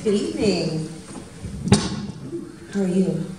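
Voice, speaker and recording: A woman's voice: lowish voice, big pitch swings, slow pace, very noisy. A woman in her fifties giving a chatty, anecdotal public talk as a guest speaker and laughing at her own jokes. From Canada. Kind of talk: public storytelling speech. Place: large event hall. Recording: very echoey hall from a distant mic.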